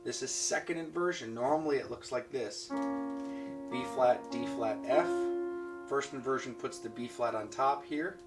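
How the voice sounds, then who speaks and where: A man's voice: medium pitch, moderate pace. Man teaching piano, counting beats aloud. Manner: patient, counting beats aloud while demonstrating. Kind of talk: online piano lesson. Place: room with a piano. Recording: recorded from a distance with piano playing.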